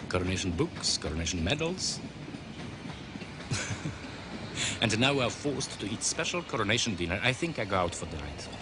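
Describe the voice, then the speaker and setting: A man's voice: on the low side, sing-song, normal speed, pauses often, background noise. A man playing a bitter, hard-drinking Polish immigrant in 1950s Australia, speaking broken English with a Polish accent. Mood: brooding. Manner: broken English, brooding then boisterous. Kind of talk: film drama acting.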